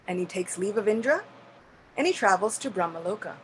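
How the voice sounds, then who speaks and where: A woman calmly narrating a devotional story at a temple program. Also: medium pitch, brisk, a little hiss or hum.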